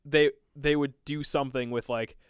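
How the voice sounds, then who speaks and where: A young man co-hosting a casual podcast, talking in an excitable, rambling way and swearing freely. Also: mid-range voice, normal speed, smooth, dry recording, clean studio sound. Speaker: podcast co-host. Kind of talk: casual chat.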